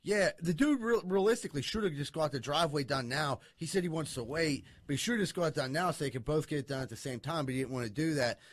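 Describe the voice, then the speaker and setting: A man telling a profane, animated story in casual chat among friends. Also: fairly high pitch, quick pace, few pauses, dry recording.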